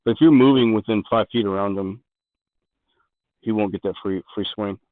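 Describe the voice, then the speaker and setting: A man's voice: lowish voice, normal speed, no room sound. A man running a tabletop game as game master, explaining the rules with patient restarts. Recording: tinny phone-like call audio.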